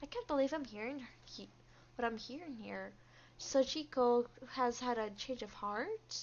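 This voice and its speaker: Reading a story game out loud, a woman streamer reacts expressively as the plot unfolds. She speaks at a moderate pace with a fairly high voice, and the stream audio comes across a bit dull and lo-fi.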